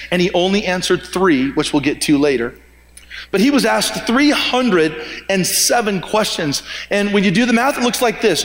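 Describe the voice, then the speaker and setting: A male pastor with a fairly high voice delivers a sermon in a relaxed storytelling manner. He often restarts phrases and doubles words as he thinks aloud. The sound carries a long, echoing reverb from the hall around him.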